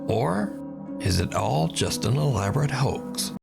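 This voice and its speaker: A man's voice: mid-range voice, expressive, measured pace, gravelly. A man giving dramatic, suspenseful scripted narration for a paranormal video. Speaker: documentary narrator. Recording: narration over loud music.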